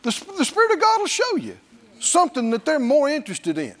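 A man preaching a sermon in an animated way, laughing often and acting out the voices of the people he quotes. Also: very high voice, brisk.

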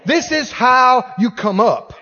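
A man preaching a sermon as pastor, exhorting the congregation and rising to shouts. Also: very high-pitched, expressive, slow pace, long reverb tail, muffled recording.

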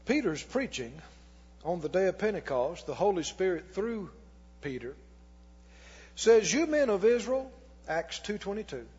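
A man preaching a sermon as pastor, reading scripture slowly and putting questions to the congregation that he answers himself. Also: sits high, big pitch swings, darkish tone, breathy edge. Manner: reads scripture slowly and deliberately. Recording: long hall reverb, dull lo-fi sound.

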